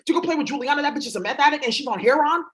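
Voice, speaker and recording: A woman's voice: high-pitched, animated, very fast. A woman vlogger talking in a rambling, blunt, profane monologue. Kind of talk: casual monologue.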